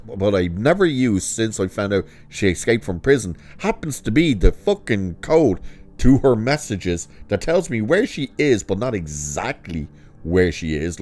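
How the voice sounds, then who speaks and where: A man giving a sarcastic, exasperated review of a TV episode, swearing freely and swinging his pitch up sharply when he mocks it. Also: a little mellow. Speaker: show reviewer.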